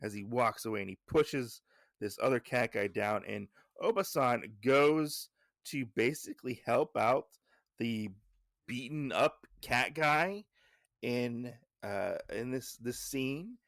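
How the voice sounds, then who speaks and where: A man's voice: mid-range voice, lively intonation, takes it slowly, vocal fry, a bit bright, dry recording, clean studio sound. A man hosting a podcast, casually recapping a comic issue with lots of fillers and side thoughts. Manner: rambling, filler-heavy, digressive. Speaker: podcast host.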